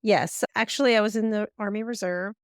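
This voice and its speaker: A woman's voice: mid-range voice, steady tone, a little fast, no room sound, clean studio sound. A woman in her fifties co-hosting a podcast, telling her background in a plain, matter-of-fact way. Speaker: podcast co-host, nurse manager. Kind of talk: casual chat.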